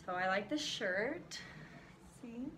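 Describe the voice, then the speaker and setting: A woman's voice: a little high, lively intonation, slow. A young woman chatting casually to her vlog camera in a rambling way, with lots of fillers and small laughs. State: shivering with cold. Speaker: vlogger. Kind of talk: casual chat.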